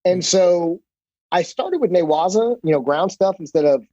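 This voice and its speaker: A man guesting on a podcast, telling stories in a lively, profane way, with plenty of "like" and "you know." His voice is a little high but mellow in tone. The sound is dry and somewhat dull, like lo-fi podcast audio. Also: normal speed, no echo. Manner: animated, profane, uses many fillers. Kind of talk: casual storytelling.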